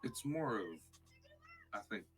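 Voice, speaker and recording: A man's voice: medium pitch, expressive, a little slow, a bit bright, soft background music. A man playing his character at a tabletop game, polite and diplomatic with stammered restarts. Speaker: player.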